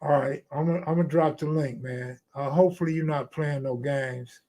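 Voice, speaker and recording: A man's voice: a little high, steady tone, fairly quick, warm tone. Slangy, easygoing live stream host man. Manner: loose, slangy, talks to chat and reads comments aloud. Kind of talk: casual live stream chat.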